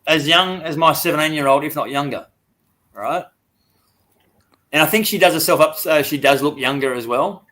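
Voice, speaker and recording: A man's voice: on the high side, normal speed, long pauses. A man in his forties with an Australian accent, telling stories bluntly and with lots of swearing in casual podcast chat. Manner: blunt, swearing, animated storytelling. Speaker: podcast co-host.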